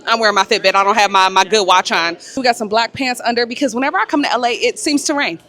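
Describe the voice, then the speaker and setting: A woman vlogging to camera in casual chat, animated and slangy. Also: a little high, quick pace. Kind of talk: casual vlog talk to camera.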